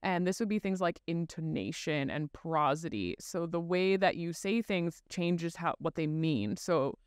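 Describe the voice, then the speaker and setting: A woman's voice: lowish voice, lively intonation, unhurried, clear, resonant tone, no echo, clean studio sound. A woman who is a guest expert on child speech, explaining step by step in a podcast interview and acting out examples as she goes.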